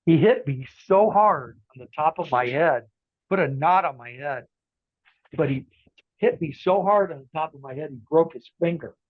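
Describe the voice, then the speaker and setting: Interviewed casually, a man in his sixties who once wrestled and announced in the ring rambles through stories with lots of fillers and restarts. He speaks at a normal speed in an expressive, high-side voice, and the recording is dry and tinny like a phone line.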